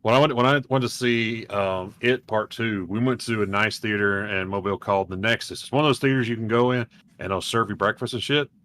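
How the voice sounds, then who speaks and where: A man's voice: fairly low pitch, fairly quick, a bit bright. A man co-hosting a podcast, telling long, rambling, profane stories in casual chat. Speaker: podcast co-host.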